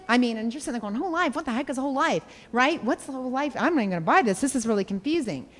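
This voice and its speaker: A woman sales coach giving a workshop talk, direct and animated, acting out examples to the group. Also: a little high. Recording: echoey hall.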